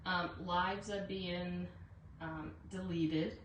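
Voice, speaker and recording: A woman runs a casual live craft demo, chatting and greeting viewers by name with plenty of fillers. Her lowish voice is fairly even and extremely slow, the audio dull. The room echoes, she sounds distant, and there's faint noise.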